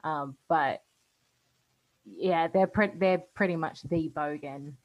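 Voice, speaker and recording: A woman's voice: low voice, takes it slowly, crowd noise, low-quality recording. An Australian woman in casual podcast chat, chatty and often laughing, trailing off mid-thought. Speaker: podcast co-host.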